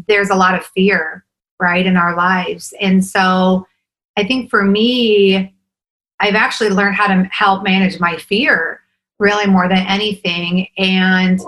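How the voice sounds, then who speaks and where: A woman in her forties, appearing as a podcast guest, chats casually and eagerly in a medium-pitched, bright, forceful voice. She uses fillers like "like" and often tags her points with "right?". The recording is low quality.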